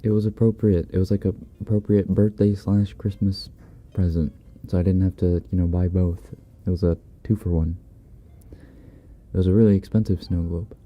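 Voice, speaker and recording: A man hosting a livestream in a soft-spoken, laid-back way, reading chat messages and chuckling often. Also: low voice, steady tone, normal speed, muffled recording. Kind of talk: casual live chat.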